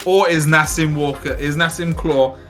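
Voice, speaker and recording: A man's voice: a little high, fairly even intonation, moderate pace, music in the background. An Englishman commentating a live fighting-game tournament, chatty and jokey, reading out schedules and calling the action with sudden exclamations. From England. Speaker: esports commentator.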